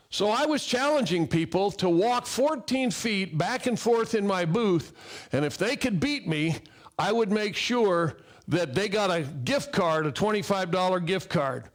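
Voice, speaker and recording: Middle-aged male speaker, high-pitched, lively anecdotal delivery on workplace safety. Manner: animated storyteller who acts out dialogue. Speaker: fall protection equipment speaker. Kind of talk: personal story told to an audience.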